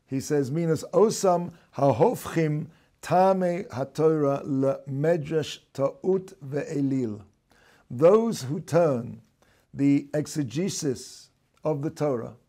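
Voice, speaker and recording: A man, a rabbi, giving an explanatory lecture. He talks deliberately, stops to explain terms and corrects himself as he goes. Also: fairly high pitch, creaky, warm tone. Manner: reads out quoted passages in a raised voice. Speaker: rabbi teaching a class.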